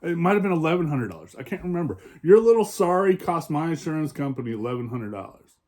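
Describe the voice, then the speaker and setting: A man's voice: on the high side, a little mellow. Profane, heated man ranting. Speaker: vlogger. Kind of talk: angry personal rant. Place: home in Oregon.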